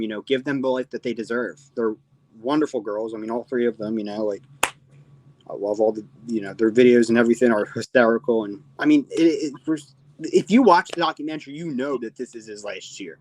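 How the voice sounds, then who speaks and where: A man's voice: medium pitch, fairly quick, poor audio. A young man hosting a postgame reaction stream, emotional and rambling, swearing freely as he talks. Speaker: host.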